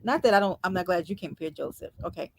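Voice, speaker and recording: Calm soft-spoken woman hosting a live chat. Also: fairly low pitch, fast. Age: middle-aged. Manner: calm, soft-spoken, greets viewers one by one. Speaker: live stream host.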